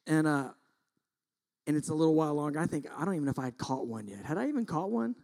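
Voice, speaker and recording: A middle-aged male pastor preaching, telling a story with lively acted-out quotes. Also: on the high side, fast talker, creaky. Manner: animated storytelling, acts out quotes loudly. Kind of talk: sermon.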